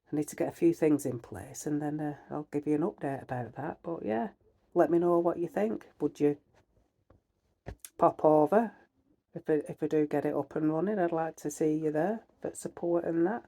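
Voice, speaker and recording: A woman with a broad Northern English accent talks straight to her viewers, plain-spoken and rambling. Her voice sits low and mellow with a husky edge, and she drifts from filler to filler. She sounds middle-aged. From Northern England. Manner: blunt, chatty, rambling with many fillers; heated, ranting. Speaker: vlogger. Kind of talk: casual chat to camera.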